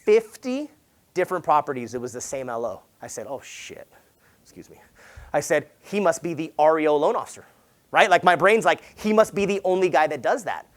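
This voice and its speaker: A Southern California guy, a real estate agent, takes the stage at a sales summit with a kinda high voice, talking a little fast and very casually, peppering his energetic motivational stories with "like" and "right?". He's animated, getting loud and jumping sharply in pitch when acting out other people's lines.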